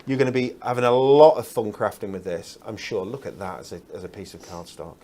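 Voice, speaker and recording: A man's voice: fairly low pitch, brisk, dark tone, a little hiss or hum. A man presenting craft products on a shopping channel, chatty and upbeat with lots of fillers. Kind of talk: enthusiastic product demonstration.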